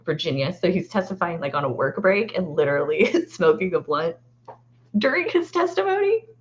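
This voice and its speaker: A woman who is a lawyer, chatting as a guest in an excitable, animated way and laughing often. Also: deep voice, fairly quick. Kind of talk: casual chat. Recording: dull lo-fi sound.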